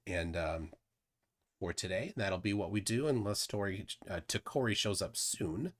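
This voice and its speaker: A man's voice: fairly low pitch, moderate pace, a bit bright. A man hosting a live stream in casual chat, rambling with many restarts and fillers. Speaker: livestream host.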